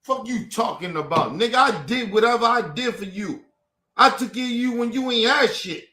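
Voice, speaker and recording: A man's voice: very high-pitched, expressive, normal speed, pushed and bright, reverberant. A man in an angry, profane rant at his family, repeating himself in heated outbursts.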